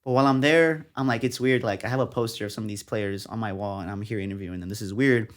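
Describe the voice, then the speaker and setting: His voice is fairly low and his pace quick: a young man from San Antonio, Texas, who works as a journalist and appears as a guest in a casual interview. He tells his story with animation, voicing what others said to him.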